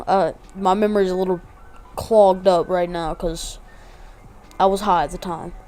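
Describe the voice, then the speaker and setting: A woman's voice: lowish voice, steady tone, unhurried, mellow. A woman vlogger telling a casual story, rambling and slangy with lots of asides.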